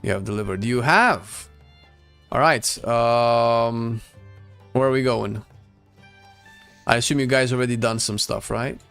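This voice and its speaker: A male streamer talks through his game in a relaxed, chatty way, answering his chat as he goes. His voice is mid-pitched with a gravelly, frayed edge. Faint music plays softly under him. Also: measured pace, long pauses. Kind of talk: casual gameplay commentary.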